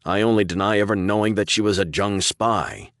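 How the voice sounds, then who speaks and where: A man's voice: fairly low pitch, a little fast, a bit bright, dry recording, studio quality, voice pushed up. A man voicing a weary young male sergeant prisoner who talks in a sarcastic drawl.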